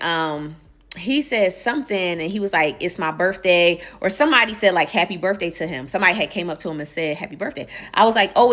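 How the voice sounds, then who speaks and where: A woman telling a dating story in an animated, emphatic way. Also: lowish voice. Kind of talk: storytime video.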